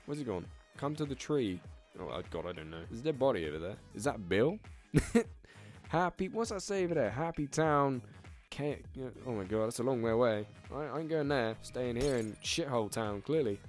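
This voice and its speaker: Excitable man swearing through gameplay. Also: mid-range voice, faint music behind. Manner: excitable, profane, quick to laugh. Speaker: gaming channel host. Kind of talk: let's play commentary.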